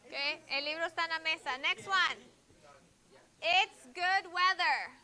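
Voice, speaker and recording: In a school classroom, a woman teaches Spanish, drilling students on phrases and patiently correcting their answers. Her voice is very high, bright and forceful, and she speaks a little slowly.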